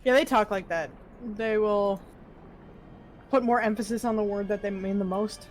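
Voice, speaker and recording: A woman's voice: medium pitch, normal speed, a little mellow, a little hiss or hum. A woman chatting casually alongside a game stream, adding laughing asides. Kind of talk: casual chat.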